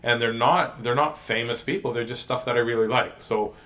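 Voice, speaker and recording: A man hosts a children's storytime, reading picture books and rambling in a playful, silly, joking way. His mid-range voice has a sharp tone and moves a little fast.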